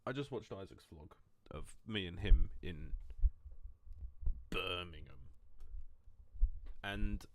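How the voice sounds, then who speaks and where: A man's voice: low voice, animated, takes it slowly, long pauses. A young man streaming from home, chatting casually to his viewers in a rambling, self-mocking way. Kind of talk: casual live-stream chat.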